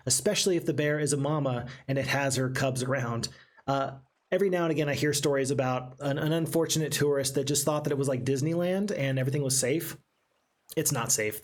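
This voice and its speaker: A man giving casual, chatty let's-play commentary while streaming a strategy game and reading chat aloud. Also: mid-range voice. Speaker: gaming streamer. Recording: faint game music behind.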